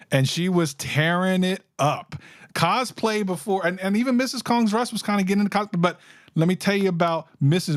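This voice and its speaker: Hyped up stream host guy, kinda high voice, dead dry mic, talks over people. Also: no room sound. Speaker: livestream host. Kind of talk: casual chat.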